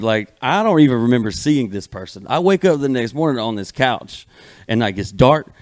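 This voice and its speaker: A man's voice: medium pitch, no room sound. A man in his thirties from Alabama, a guest comedian telling a wild story in a loose, profane, rambling way. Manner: rambling profane storytelling, gets louder as the tale builds. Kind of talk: casual storytelling.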